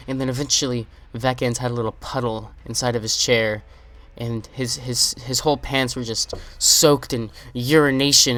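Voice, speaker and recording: A man's voice: medium pitch, steady tone, a little fast, fairly bright tone. A teenage boy telling a comic personal story in a rambling, stammering way. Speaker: vlogger.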